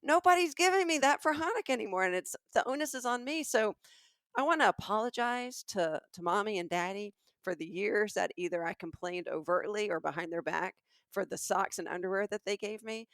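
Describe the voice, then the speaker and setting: A woman's voice: mid-range voice, brisk, a bit bright, dry recording, clean studio sound. Teasing Southern woman in her fifties. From Alabama, USA. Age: 50s. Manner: playful, teasing, breaks into laughter. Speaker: podcast co-host. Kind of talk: casual comedic chat.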